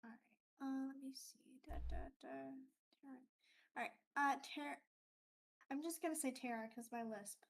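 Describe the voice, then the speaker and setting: Casting: woman host, high voice, soft brief prompts, distant mic. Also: normal speed, slight background noise. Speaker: stream host. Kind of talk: hosting introductions.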